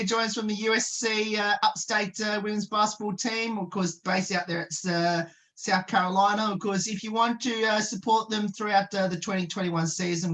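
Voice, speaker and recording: A man's voice: high-pitched, a bit bright, poor audio. A man hosting a sports radio show, who wraps up an interview in a friendly way with frequent filler "uh"s. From Australia.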